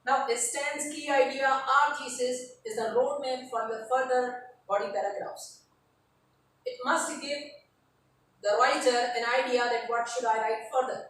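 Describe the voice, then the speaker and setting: Woman writing teacher, high voice, lecture delivery, step-by-step and repetitive, echoey far-off room recording. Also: fairly even intonation, measured pace, fairly bright tone, a little hiss or hum. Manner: explains step by step, repeating key terms. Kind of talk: classroom lecture.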